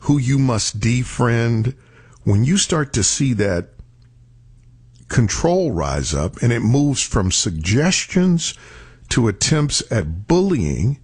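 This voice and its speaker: A man giving a reflective motivational talk, telling stories and slowing down on key words for emphasis. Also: mid-range voice, big pitch swings, darkish tone, breathy edge. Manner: storytelling, acts out quoted voices, slows for emphasis.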